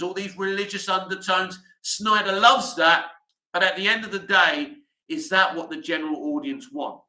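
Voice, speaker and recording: A man's voice: high-pitched, pushed and bright, reverberant, poor audio. A man hosting a casual livestream, rambling chattily with lots of "you know" fillers as he answers viewer comments. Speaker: livestream host.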